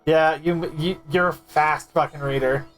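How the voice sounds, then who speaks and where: A man's voice: on the high side, fairly even intonation, measured pace, music in the background. A man streaming a game, chatting casually and animatedly, stammering and swearing now and then.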